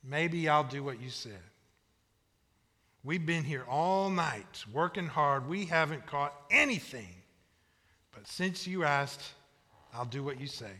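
A man's voice: high-pitched, expressive, a little slow, sharp tone, big-room sound, full character voice. A preacher voicing a grumbling, weathered fisherman who talks in a folksy, grudging way.

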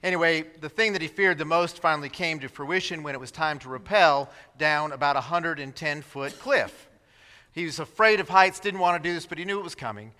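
A man delivers a sermon in a church sanctuary and tells the story with animation, slipping into the voices of its characters. His voice sits high and rings bright. The sound carries a long reverb from the hall. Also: brisk. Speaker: pastor.

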